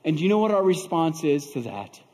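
A male pastor delivers a sermon, telling a story and then preaching with fervent rhetorical questions. His voice sits slightly high for a man. A long church-hall reverb trails each phrase. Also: sing-song, brisk, darkish tone.

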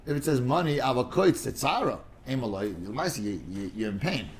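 A medium-pitched man with lively intonation teaches an easygoing study class at normal speed and with few pauses. He wanders into digressions, stumbles over repeated words, and uses Hebrew and Aramaic terms along the way.

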